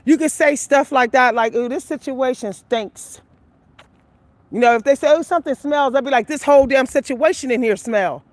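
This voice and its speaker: Woman walking n talking to her viewers, punchy and animated, laughs a lot, dry close sound. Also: high-pitched, a little fast, few pauses, dry recording. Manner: emphatic and animated, laughs often, addresses viewers as y'all. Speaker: vlogger giving life advice. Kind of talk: casual walking vlog monologue. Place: outdoors on a walk.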